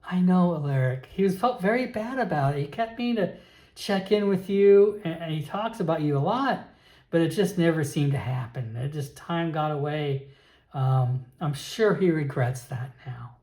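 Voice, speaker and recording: A man voicing a grieving middle-aged aunt, speaking in a soft, slightly higher, hesitant way. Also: expressive, normal speed, roomy sound, natural voice. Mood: gentle.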